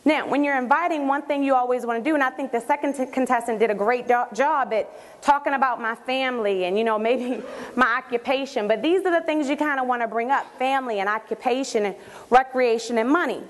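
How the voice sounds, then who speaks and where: A woman giving an energetic live training talk on network marketing, quizzing her audience as she coaches them. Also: sits high, fairly quick. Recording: echoey hall with long reverb.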